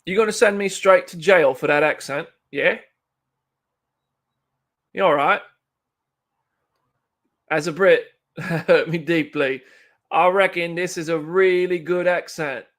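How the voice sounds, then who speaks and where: A man voicing a cheeky, loud mock-British bloke in a deliberately overdone put-on British accent, teasing. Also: a little high, pitched above the performer's own voice.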